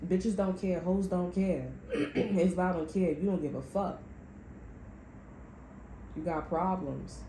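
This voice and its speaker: Blunt, profane woman with a low voice. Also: slow pace, long pauses, mellow, reverberant, slight background noise, low-quality recording. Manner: blunt, profane and sassy, talks straight to viewers. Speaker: tarot reader. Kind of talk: casual spiritual reading monologue.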